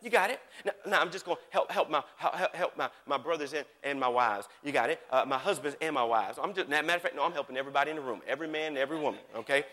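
A man preaching a sermon with animated delivery, swinging from hushed asides to shouts and often checking in with his listeners. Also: on the high side, racing, few pauses, in a large hall. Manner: animated, repeatedly checks in with the audience.

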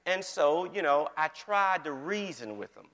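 A male pastor with a high, bright voice preaches to his congregation in an easy conversational way, speaking. He keeps checking in with his listeners, and his words ring out through a reverberant church hall. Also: big pitch swings, a little slow. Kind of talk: conversational sermon.

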